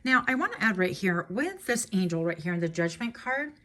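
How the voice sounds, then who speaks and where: A woman's voice: medium pitch, sing-song, fairly quick, fairly bright tone. A woman giving a casual pick-a-card tarot reading, chatty and rambling, getting emotional and laughing often. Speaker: tarot reader.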